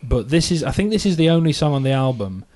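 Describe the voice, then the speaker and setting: A man's voice: fairly high pitch, big pitch swings, quick pace, darkish tone. Chatty self-mocking man on a podcast. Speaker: musician and podcast host. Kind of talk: casual podcast chat.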